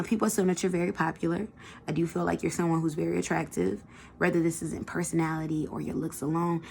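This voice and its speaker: A woman's voice: on the low side, gravelly, slight background noise. A woman giving a casual pick-a-card tarot reading, chatty and colloquial, talking straight to her viewers. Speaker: tarot reader.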